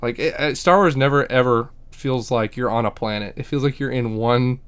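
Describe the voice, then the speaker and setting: A man's voice: mid-range voice, moderate pace, a bit bright, clear, resonant tone. A man co-hosting a podcast, casually recapping a TV episode in a profane, joking way and acting out the characters' lines. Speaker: podcast co-host.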